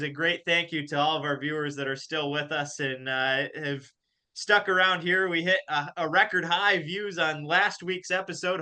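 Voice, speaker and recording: A young man hosting a hockey podcast, telling a story in a casual, animated way and laughing as he goes. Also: on the high side, smooth. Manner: animated, laughs through his stories. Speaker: podcast host and college golf coach.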